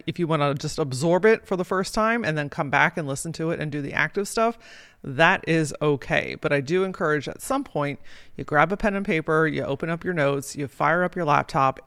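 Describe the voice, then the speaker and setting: A woman's voice: sits low, a bit bright, no room sound. Swearing, emphatic woman coach, dry sound. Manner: casual, emphatic and sprinkled with swearing. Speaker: podcast host and life coach. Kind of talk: motivational podcast monologue.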